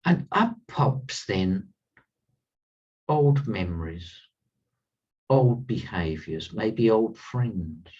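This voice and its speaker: Earnest man, husky and distant. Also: fairly low pitch, animated, very slow, pauses often, a little mellow. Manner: earnest, emphatic, repeats words for weight. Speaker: spiritual teacher. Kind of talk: spiritual talk. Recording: slightly distant, dull lo-fi sound.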